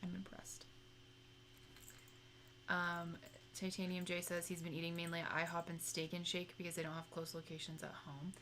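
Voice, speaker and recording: A woman's voice: fairly low pitch, monotone, moderate pace, long pauses, fairly bright tone, a little hiss or hum, low-quality recording. A young adult woman co-hosting a livestream, chatting in a rambling, casual way and reading out chat messages. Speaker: livestream co-host.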